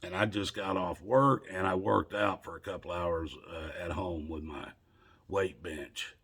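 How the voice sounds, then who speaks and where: Man with a low, gravelly voice and a bright, husky edge, casual rambling storytelling. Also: unhurried. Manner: rambling, conversational, with repeated restarts.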